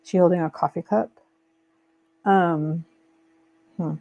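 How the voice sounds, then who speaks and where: A woman's voice: lowish voice, a little slow. A woman hosting a casual live stream, chatting lazily while she crafts and reads viewer comments aloud. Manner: relaxed and lazy, trailing off with fillers. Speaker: livestream host. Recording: dull lo-fi stream audio.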